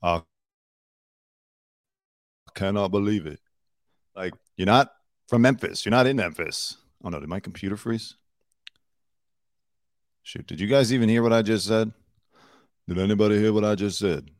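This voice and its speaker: This host's voice sits on the low side, moving at a normal speed with long pauses, captured dry at studio quality. He runs a solo news commentary show from his Los Angeles home studio, chatty and opinionated with plenty of fillers.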